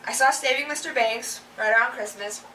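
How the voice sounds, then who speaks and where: A woman's voice: high-pitched, brisk, sharp tone, a little hiss or hum. A young woman vlogger ranting casually and with exasperation about things that annoy her, acting out the people she complains about. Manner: chatty and exasperated, acts out quoted people. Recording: roomy, a little distant from the mic.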